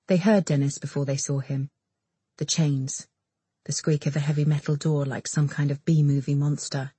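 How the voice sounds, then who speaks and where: A woman narrating an audiobook in a measured, intimate read. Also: low-pitched, steady tone, warm tone, slightly rough, no room sound. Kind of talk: scripted narration.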